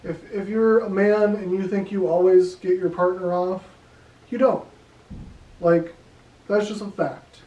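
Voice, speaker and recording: A man's voice: sits high, fairly even intonation, a little slow, pauses often, warm tone, dull audio. A young man doing a casual stand-up set, with a rambling delivery full of ums and likes. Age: young adult. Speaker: stand-up comedian. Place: room at home. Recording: echoey room, voice from a distance.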